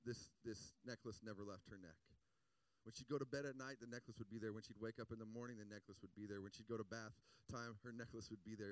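A male pastor preaching a sermon, telling a story with repeated phrases and rising rhetorical questions, going quiet for the quoted lines. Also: on the low side, dry recording, recorded from a distance.

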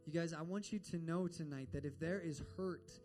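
A man's voice: on the high side, brisk, a little mellow, soft background music. A man preaching a sermon and telling a story in an earnest way, acting out the voices of the people in it. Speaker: pastor.

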